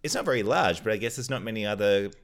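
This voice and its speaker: A man's voice: fairly low pitch, quick pace, crowd noise. A man co-hosting a casual podcast, working through quiz answers in an easygoing, chatty way. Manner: easygoing, laughs often, thinks aloud. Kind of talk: casual chat.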